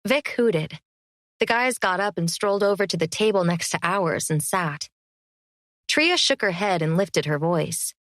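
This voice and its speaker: A woman narrating a first-person fantasy audiobook in an even, measured storytelling manner. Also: lowish voice, dry recording, clean studio sound.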